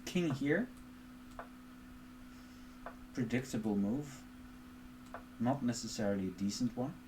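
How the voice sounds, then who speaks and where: Speaking slowly and expressively at a medium pitch, a man streams chess from home and talks through positions and moves as he thinks. His live commentary carries dry, self-mocking asides, and there's background noise.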